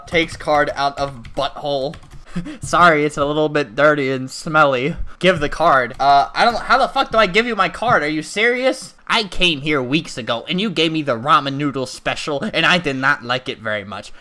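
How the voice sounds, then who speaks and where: A man narrating his gameplay in a crude, sarcastic comic tone. His voice is sharp and bright, and it jumps into loud mock-panicked shrieks. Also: fairly high pitch. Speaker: gaming video host.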